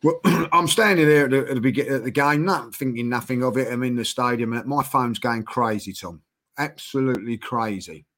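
A man's voice: medium pitch, fairly quick, a bit bright. Rambling man telling a story. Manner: rambling, repeats himself, restarts often. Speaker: guest. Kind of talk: casual storytelling interview.

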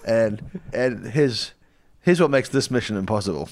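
A man's voice: medium pitch, expressive, normal speed, darkish tone. A man co-hosting a comedy podcast, retelling a film plot in a rambling way and laughing into his own sentences. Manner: rambling, laughs mid-sentence, frequent restarts. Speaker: podcast co-host.

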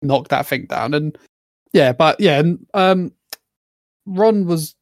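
Male co-host, easygoing explainer, slightly high voice, dry home mic. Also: slow pace, dry recording. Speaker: podcast co-host. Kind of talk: casual gaming chat. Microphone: own microphone on a remote call.

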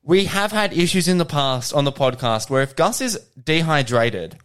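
A man's voice: on the high side, animated, moderate pace, fairly bright tone, clear, resonant tone. A young Australian man co-hosting a podcast in casual, joking chat, swearing freely. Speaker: podcast co-host.

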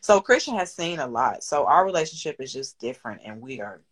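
A woman's voice: a bass voice, sing-song, a little fast, slightly rough, poor audio. Candid, swearing woman in her thirties. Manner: candid, rambling, swears freely, emotional. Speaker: guest, business owner and single mother. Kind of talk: candid podcast conversation.

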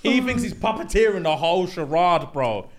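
Guy on a podcast, super lively storyteller, pitch bouncing everywhere, slightly high voice. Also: normal speed, crowd noise. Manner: animated storyteller, acts out quotes, heavy slang. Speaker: podcast co-host. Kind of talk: casual chat recapping a reality show.

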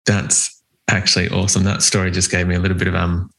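Gravelly low Australian man interviewing. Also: completely flat delivery, quick pace, low-quality recording. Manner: warm, polite, hesitant with fillers. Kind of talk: casual interview chat.

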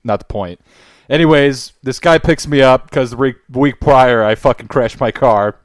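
A man co-hosting a podcast, telling a crude story with laughter and animated asides. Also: medium pitch, moderate pace, no room sound, studio quality. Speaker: podcast co-host. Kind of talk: casual storytelling.

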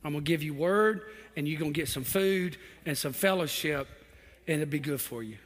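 Pastor, male, high bright voice, fervent preacher with long hall reverb. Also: normal speed. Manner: preaches in swelling shouts, then drops to a low quiet voice. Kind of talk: sermon. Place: church hall with a congregation.

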